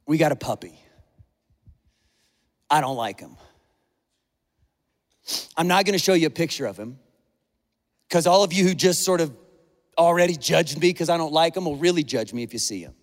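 Middle-aged male pastor, high voice, earnest and emotional sermon delivery, heard in a reverberant church hall. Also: animated, normal speed, long pauses. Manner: emotional, earnest, conversational preaching.

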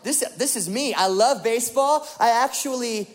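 Animated high-voiced young preacher. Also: male voice, normal speed. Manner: animated storytelling with many fillers. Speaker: pastor. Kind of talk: sermon.

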